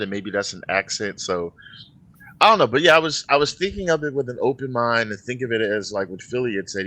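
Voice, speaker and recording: A man co-hosting a music reaction video, chatting casually and giving candid opinions with animated questions. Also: lowish voice. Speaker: reaction channel co-host. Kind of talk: casual chat reacting to a song.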